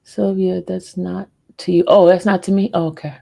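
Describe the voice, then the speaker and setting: A woman's voice: lowish voice, flat delivery, moderate pace, vocal fry, dark tone. A woman hosting a casual livestream, playfully scolding and teasing her chat in a way of speaking. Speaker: livestream host.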